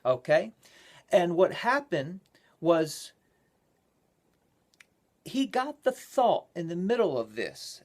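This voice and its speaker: A male pastor telling near-death testimonies in a sermon, swinging from quiet asides to loud, excited retelling. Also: a little high. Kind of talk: sermon storytelling.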